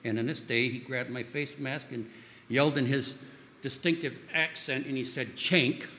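A man's voice: mid-range voice, fairly even intonation, normal speed, a little hiss or hum. A man giving an informal sermon with stories, rambling with frequent restarts and fillers. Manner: acts out quoted voices loudly. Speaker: speaker at a church gathering. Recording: long hall reverb.

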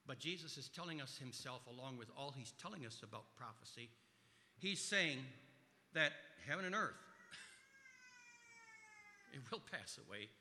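Male pastor delivering a sermon; emphatic, punches key words and then drops to quiet asides. Bright, tense tone, a bit higher than average, in a hall with long reverb. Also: wildly swooping pitch, a little slow, pauses often, a little hiss or hum. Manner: emphatic, swings between loud stresses and quiet asides.

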